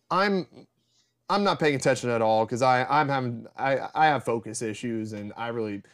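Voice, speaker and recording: Rambling young man telling a story. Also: mid-range voice. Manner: rambling, filler-heavy, self-deprecating. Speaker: podcast co-host. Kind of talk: casual storytelling chat.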